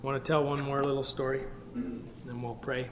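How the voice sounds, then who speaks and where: A man from Canada preaching an earnest gospel sermon, pleading with his listeners and swinging between loud and soft. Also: mid-range voice, little pitch movement, fairly quick, in a large hall, a little hiss or hum. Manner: earnest, pleading, rises and drops in volume. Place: meeting hall.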